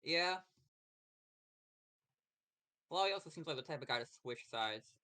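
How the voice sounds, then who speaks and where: A man's voice: on the high side, expressive, unhurried, bright, forceful tone. A man playing a game on a stream, chatting casually with dry, wry remarks.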